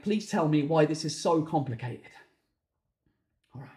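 Swearing, animated comedian ranting. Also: male voice, a little high, unhurried. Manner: animated, swearing, exasperated storytelling. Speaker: comedian podcast host. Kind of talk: ranting comic monologue. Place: home office at the end of the garden. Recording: echoey room.

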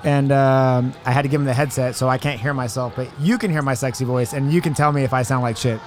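A man's voice: mid-range voice, fairly even intonation, quick pace, a little hiss or hum. A man hosting a podcast at a tournament, joking, swearing and laughing often. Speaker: podcast host. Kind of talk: casual interview chat. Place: tournament venue table.

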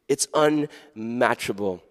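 A man's voice: medium pitch, takes it slowly. Playful man preaching in an echoing hall. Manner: playful, jokey and animated, with sudden earnest drops. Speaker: pastor. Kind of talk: youth sermon.

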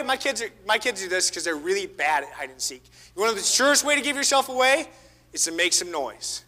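A man preaching a sermon, swinging between loud exhortation and hushed asides. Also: on the high side. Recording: reverberant church hall.

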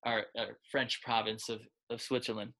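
In a relaxed interview, a quarterback coach recounts stories in a loose, chatty manner thick with filler words, performing the lines he quotes. His voice is medium-pitched, fairly bright and flat, at a normal speed.

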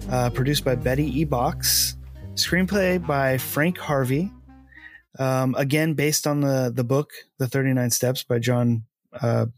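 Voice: medium pitch, measured pace, soft background music. A podcast host chatting about old films, laughing often and stumbling over names. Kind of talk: casual chat.

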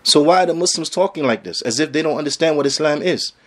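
A man's voice: a little high, fast. A man giving a religious lecture as an Islamic teacher, emphatic and casual in phrasing, firing off rhetorical questions.

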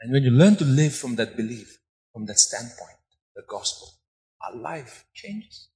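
Impassioned preacher in echoing hall. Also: male voice, mid-range voice, very animated, unhurried. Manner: impassioned preaching, swinging from soft to loud, repeating phrases for emphasis. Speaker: pastor. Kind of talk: sermon. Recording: long hall reverb.

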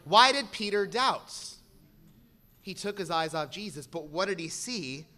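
A man preaching a sermon to a congregation, moving from quiet explanation to shouted exhortation. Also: sits high, lively intonation, measured pace, faint music behind.

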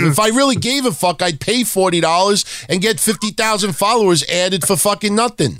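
A man's voice: high-pitched, expressive, a bit bright, clean tone, no room sound, clean studio sound. A middle-aged man hosting a wrestling podcast, talking bluntly and swearing freely in casual chat. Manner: blunt, profane, rapid-fire wrestling talk. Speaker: podcast host.

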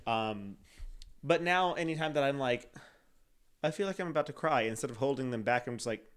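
A chatty young man co-hosting a casual talk show. He laughs often, rambles through his stories and slips into playful voices when he quotes people. His pitch sits in the middle for a man. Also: expressive, fairly quick, clean tone. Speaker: podcast co-host. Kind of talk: casual chat.

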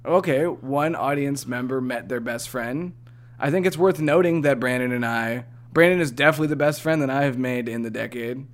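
A man's voice: medium pitch, brisk, a little hiss or hum. A young man co-hosting a podcast in casual chat, easygoing and chatty as he moves through the segments. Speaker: podcast co-host.

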